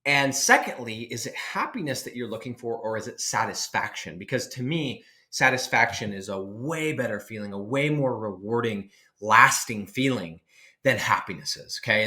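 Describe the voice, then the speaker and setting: Bright-voiced emphatic man, rambling motivational talk. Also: medium pitch. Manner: emphatic, rambling with many restarts. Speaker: online business coach.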